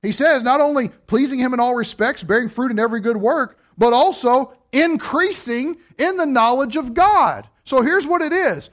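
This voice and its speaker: A man preaching a sermon, teaching from scripture and joking with his congregation, swinging from soft asides to emphatic peaks. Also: extremely high pitch, lively intonation, normal speed, hardly any pauses.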